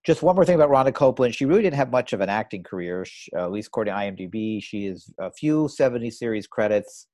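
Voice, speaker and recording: A man's voice: on the low side, lively intonation, quick pace, few pauses, warm tone, no room sound. A man co-hosting a podcast, casually retelling TV scenes and quoting lines. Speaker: podcast co-host. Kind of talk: casual recap chat.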